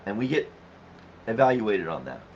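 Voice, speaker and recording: A man's voice: sing-song, normal speed, darkish tone. A man in his fifties hosting a casual livestream, chatting easily, laughing often and reading viewer comments aloud. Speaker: livestream host reading chat. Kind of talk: casual live-stream chat. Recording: dull low-fi stream audio with faint noise.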